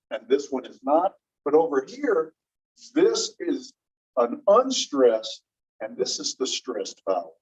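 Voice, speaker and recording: A slow, unhurried teacher working through a phonetics lesson, stopping to quiz the class. The sound is dull and lo-fi, like a plain classroom recording. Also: mid-range voice, a little mellow, husky. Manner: patient, quizzing students with questions. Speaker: linguistics teacher. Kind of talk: classroom lecture.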